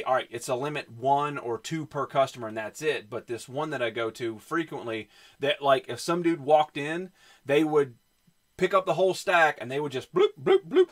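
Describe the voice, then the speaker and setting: A man with a Southern US accent chats loosely on a livestream. He rambles from one thought to the next, leaning on plenty of ums and uhs, and his pitch sits in an ordinary middle register. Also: a bit bright. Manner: rambling, filler-heavy, reacts to chat. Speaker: streamer showing his comic collection. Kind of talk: casual livestream chat.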